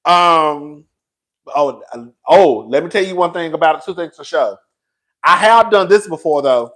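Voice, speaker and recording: A man, telling stories on his own vlog in a loud, sassy and profane way, laughing often. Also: on the high side, expressive, moderate pace. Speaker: YouTube commentary host. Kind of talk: casual storytelling vlog.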